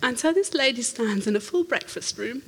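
Animated woman telling a story in a hall. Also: on the high side, normal speed, slight background noise. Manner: animated, laughing, acts out quoted voices. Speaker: church testimony speaker. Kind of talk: storytelling testimony. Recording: reverberant hall.

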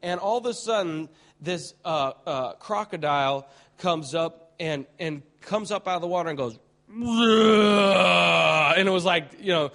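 This preacher, a man with a slightly high voice, describes a vivid vision from the pulpit at normal speed with few pauses. He's excitable, restarts often, and veers from hushed tones to shouts.

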